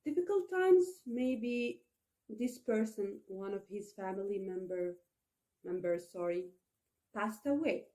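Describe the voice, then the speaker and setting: A young woman with Arabic as her first language, teaching an English lesson slowly and deliberately, often checking in with "okay?". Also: medium pitch, expressive, dark tone. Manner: slow, deliberate delivery with frequent "okay?" checks.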